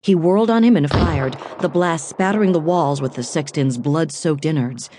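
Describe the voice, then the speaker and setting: A woman narrating a crime thriller audiobook in a measured, suspenseful reading. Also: low voice, noisy background.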